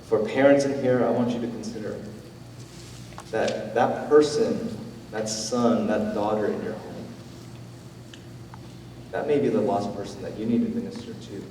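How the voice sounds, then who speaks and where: Male pastor, low and mellow, easygoing sermon delivery, miked from afar in a roomy church hall. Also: fairly even intonation, unhurried, pauses often, distant mic, slight background noise. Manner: conversational, gentle preaching with fillers. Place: church sanctuary.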